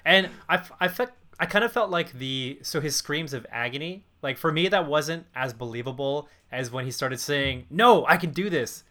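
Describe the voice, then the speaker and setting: A man's voice: medium pitch, normal speed, few pauses, pushed and bright. A man co-hosting a casual movie podcast, chatty and often restarting his sentences. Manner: chatty, with frequent restarts and fillers. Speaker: podcast co-host.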